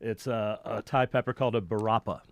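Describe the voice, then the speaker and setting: A man on a radio comedy show, calmly explaining food facts and often murmuring agreement. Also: fairly low pitch, brisk, no echo. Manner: knowledgeable, explains food matter-of-factly, frequent "mm-hmm". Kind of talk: casual comedy chat. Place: radio studio.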